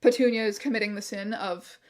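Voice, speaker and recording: A woman's voice: mid-range voice, fairly even intonation, a little fast. A woman hosting a video essay who reads scripted narration with sarcastic, irreverent asides. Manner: sarcastic, irreverent, swears and laughs. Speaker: YouTube host.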